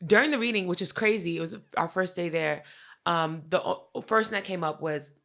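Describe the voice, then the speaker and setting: In a fairly low voice that runs a little fast, this podcast co-host from a Haitian family tells an animated story, cursing a lot and voicing other people's quotes as the casual conversation rolls on.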